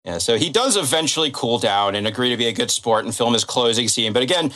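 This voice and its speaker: A man co-hosting a podcast and recounting a story in animated, casual chat. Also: medium pitch, quick pace. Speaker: podcast co-host.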